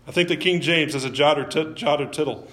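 A man's voice: on the high side, fast talker, fairly bright tone, echoey room. A man preaching a sermon as a pastor in a church. He talks conversationally, often restarts his words and poses questions to the congregation. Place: church sanctuary.

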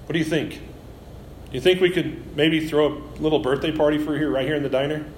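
A man voicing an earnest, gentle middle-aged preacher. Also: on the high side, fairly even intonation, quick pace, a little hiss or hum, lightly acted. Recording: roomy echo.

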